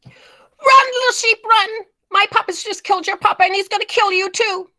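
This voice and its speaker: A frantic animal screams a warning in a sudden high, shrill rush, as a woman storyteller puts it on. It is loud and breathless, heard over a video call. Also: normal speed. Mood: urgent alarm.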